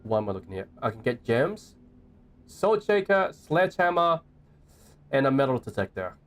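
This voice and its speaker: A man's voice: medium pitch, very animated, moderate pace. A young Australian man chatting playfully with viewers while playing a game and reading its notes aloud. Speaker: streamer. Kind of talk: live gameplay commentary.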